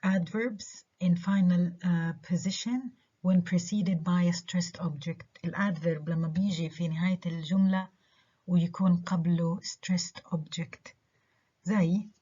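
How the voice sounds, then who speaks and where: A woman lecturing on English stress with a Levantine Arabic accent, a native Arabic speaker who explains slowly through repeated examples and keeps checking that students follow. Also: fairly low pitch, steady tone, warm tone, slightly rough. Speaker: university lecturer. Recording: dull lo-fi lecture recording.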